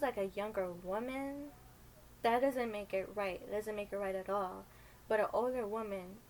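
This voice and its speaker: A woman's voice: mid-range voice, darkish tone, slight background noise, rough recording. A young woman in her twenties telling a story casually, rambling with lots of fillers and acting out the people in it. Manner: rambling, many fillers, acts out voices. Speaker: storytime vlogger.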